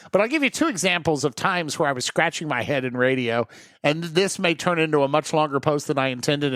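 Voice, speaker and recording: A man's voice: on the high side, no room sound, clean studio sound. A man, a former radio broadcaster, casually telling amused stories from his career as a podcast host. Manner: chatty, amused, animated storytelling. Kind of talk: casual storytelling monologue.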